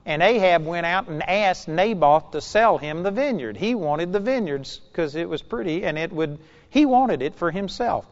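A man delivers a sermon, reading scripture and then retelling it in his own conversational words with little asides. His voice sits a bit high for a man. The recording is muffled and lo-fi. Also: expressive, normal speed, in a large hall. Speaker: preacher.

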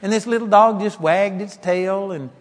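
A man preaching a sermon with passion, building to shouts and mocking timid prayers in a whiny voice. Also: high voice, normal speed. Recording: long hall reverb.

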